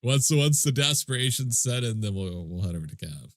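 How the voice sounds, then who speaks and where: A man's voice: mid-range voice, lively intonation, brisk, no room sound. A man with a stuffy nose, casually commentating his game stream and chatting with viewers in a laid-back, swearing way.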